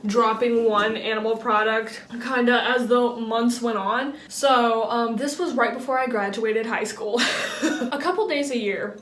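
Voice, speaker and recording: A woman's voice: on the high side, fairly bright tone. A young woman telling stories in a chatty, self-deprecating way while cooking in her kitchen. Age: young adult. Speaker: vlogger. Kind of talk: casual storytelling vlog. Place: home kitchen. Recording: echoey room, faint background noise.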